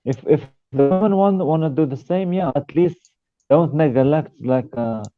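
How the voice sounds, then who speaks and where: A man's voice: on the high side, normal speed, no echo, soft background music. A man taking part in a casual discussion as a guest, often repeating and restarting words and laughing between points. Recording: tinny phone-like line.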